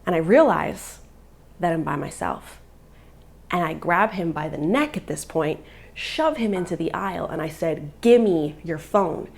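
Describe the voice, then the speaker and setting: A woman's voice: deep voice, expressive, normal speed, vocal fry. A mother vlogging live, telling an upsetting story in an agitated, emotional way and filling it with "like.". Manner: agitated, upset retelling with many "like" fillers.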